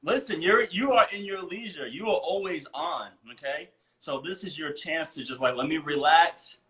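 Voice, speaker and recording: A man speaking as the guest on a casual live video chat, joking and energetic. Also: on the high side, moderate pace. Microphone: video call.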